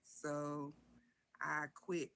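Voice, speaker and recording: A young woman from Georgia, a talk show guest telling her story in an unhurried way with many fillers. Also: sits low, flat delivery, creaky, fairly bright tone. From Georgia, USA. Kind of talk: casual interview storytelling.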